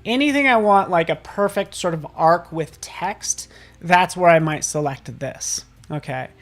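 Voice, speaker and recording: An upbeat man runs a live software tutorial and talks straight to viewers in the chat. His delivery is casual and playful, and he jokes about himself as he teaches. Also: on the high side, a little slow. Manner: casual and self-joking. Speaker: host and software instructor.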